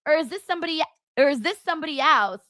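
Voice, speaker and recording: A woman's voice: high voice, lively intonation, rapid-fire, bright, forceful tone, dry recording, clean studio sound. A woman hosting a live watchalong stream, chatting bluntly with her viewers in a casual, rambling way. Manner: chatty, blunt, full of fillers and asides to chat. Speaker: livestream host.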